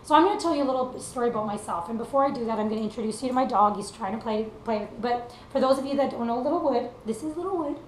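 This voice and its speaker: This young Canadian country singer races through her earnest, casual pep talk with hardly a pause, her voice a little high and her speech packed with fillers. The space echoes and carries a little noise.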